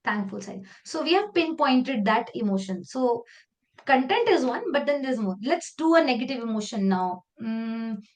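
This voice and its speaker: Lively Indian woman leading a training. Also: on the high side, normal speed. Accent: Indian English. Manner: lively, conversational, slips into Hindi phrases. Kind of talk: live online training session.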